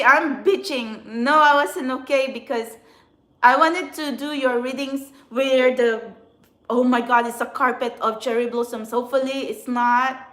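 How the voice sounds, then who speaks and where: A woman, a spiritual channeler, venting in an emotional, agitated monologue outdoors in a city, swearing often and swinging between quiet and loud. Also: high-pitched, steady tone, a little slow, roomy sound. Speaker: spiritual channeler and tarot reader.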